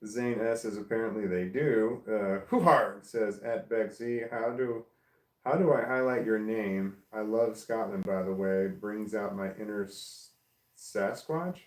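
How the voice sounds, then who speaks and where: A man's voice: on the low side, steady tone, measured pace, roomy sound. A man casually reading live stream comments aloud and musing on each one. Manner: reads comments aloud and muses on them.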